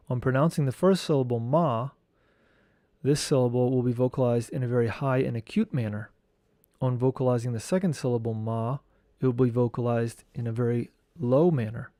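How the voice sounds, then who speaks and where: A man teaching esoteric studies, reading a lecture text aloud in a slow, measured way and chanting mantra syllables. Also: mid-range voice, warm tone, dry recording, clean studio sound.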